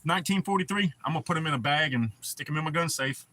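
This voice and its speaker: Guy on a livestream, kinda husky, bright-ish higher voice, laid-back rambling, cusses a lot. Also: fast. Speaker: livestream host. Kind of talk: casual livestream chat.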